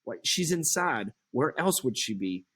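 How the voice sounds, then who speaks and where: A man reading the part of an impatient young girl in love, slowly and evenly from the text in a classroom play reading. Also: mid-range voice, sing-song, a bit bright, breathy edge, voice pushed up, exaggerated voice.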